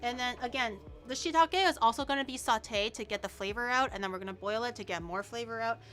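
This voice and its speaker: Young woman streamer, bright higher voice, chatty, talks through recipes while cooking. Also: fast talker, soft background music. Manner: chatty, explains steps, swears casually. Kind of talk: casual cooking stream chat.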